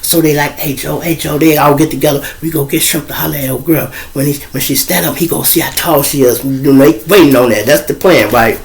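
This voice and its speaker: A man's voice: fairly high pitch, quick pace, vocal fry, few pauses. A middle-aged man with a Chicago accent, hosting his show and telling loose, joking stories in raw street talk. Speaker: show host. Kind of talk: casual storytelling monologue.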